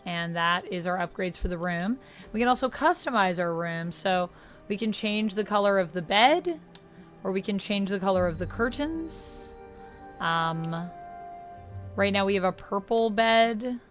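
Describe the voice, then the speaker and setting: A woman's voice: mid-range voice, measured pace, faint music behind. Woman streamer reading game menus aloud. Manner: reads menu options aloud, chats with viewers. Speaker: streamer playing a video game. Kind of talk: casual live-stream commentary.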